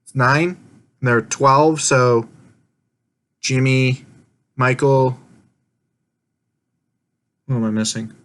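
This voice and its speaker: A man's voice: medium pitch, slow, pauses often, fairly bright tone. A man casually recapping an online game he played, rambling and laughing often, swearing offhandedly and acting out his own quoted lines.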